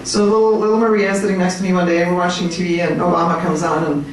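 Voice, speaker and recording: Woman talking to a crowd in a big echoey room, mic kinda far off, lively and jokey. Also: on the low side, racing. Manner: animated, chatty, jokes with the audience. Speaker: speaker at a political meetup.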